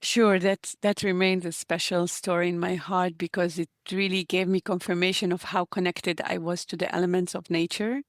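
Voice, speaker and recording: A woman's voice: on the low side, level tone, moderate pace, hardly any pauses, no room sound, clean studio sound. A woman guest, an author, telling personal stories in an earnest, heartfelt way during an interview. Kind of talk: reflective interview conversation.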